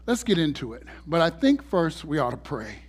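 A man's voice: fairly high pitch, very animated, moderate pace, slightly rough. A male pastor delivering a sermon in a conversational, humorous storytelling manner.

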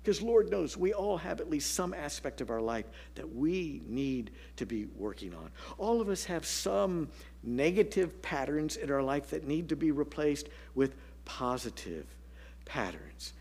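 A man's voice: a little high, sing-song, a little slow, vocal fry, darkish tone, husky. A man preaching a sermon as pastor, telling stories and dropping to a whisper for emphasis. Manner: storytelling, dynamic, drops to a whisper for emphasis.

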